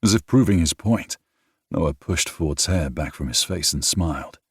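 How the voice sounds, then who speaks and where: A man narrating an audiobook in a plain, even reading. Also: rumbling low, moderate pace, husky, no echo, studio quality. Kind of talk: scripted narration.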